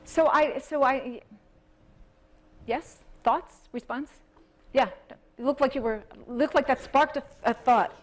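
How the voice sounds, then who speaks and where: Woman lecturer, slightly high voice. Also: takes it slowly, pauses often. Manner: thoughtful academic, self-correcting. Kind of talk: public lecture and Q&A.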